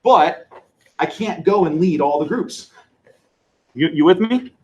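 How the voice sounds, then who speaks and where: Animated man lecturing in echoey room. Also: fairly high pitch, measured pace, muffled recording. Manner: conversational, animated, acts out quotes. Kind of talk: church teaching lecture. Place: lecture room with a live audience.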